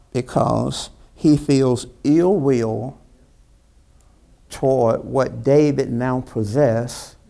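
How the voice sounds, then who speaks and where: A man preaching a sermon, retelling a story with dramatic voices for its characters and questioning his congregation directly. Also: creaky. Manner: preaching with dramatic character voices, rising to high excited pitch. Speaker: pastor.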